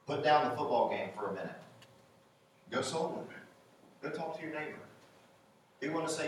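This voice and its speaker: A man's voice: a little high, expressive, a little fast, pauses often. A man preaching a sermon, conversational and encouraging, asking the congregation questions. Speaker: pastor. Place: church sanctuary. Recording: echoey room, voice from a distance.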